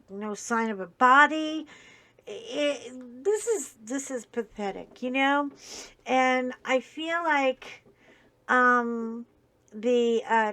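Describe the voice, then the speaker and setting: A woman hosting a casual live stream while coloring, talking in a slow, emphatic, indignant way. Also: high-pitched, sharp tone.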